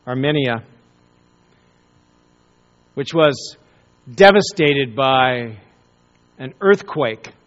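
Slow-speaking male pastor. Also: mid-range voice, highs cut off. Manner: storytelling with pauses and repeated words. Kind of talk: sermon.

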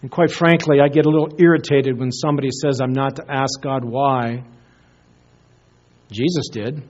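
A man preaching a sermon as pastor, earnest, often dropping to a hushed soft voice and repeating words as he searches for them. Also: mid-range voice, steady tone, moderate pace. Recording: dull lo-fi recording.

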